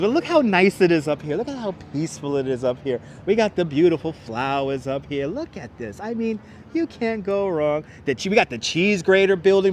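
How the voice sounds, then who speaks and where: A man's voice: sits high, slight background noise. A man hosting a casual live-stream walking tour outdoors, chatting to viewers and laughing often, on a clip-on mic. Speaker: livestream host. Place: outdoors on an elevated city park walkway. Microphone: wireless clip-on mic.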